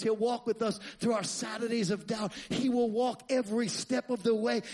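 Delivering a sermon in a high voice, a man throws rhetorical questions at the congregation. His preaching swells into loud, passionate stretches.

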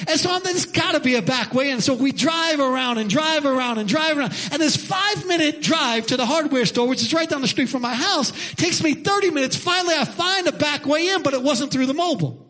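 A man preaching a sermon, telling a personal story with animated emphasis before turning to scripture. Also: very high voice, a little fast, few pauses. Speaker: pastor.

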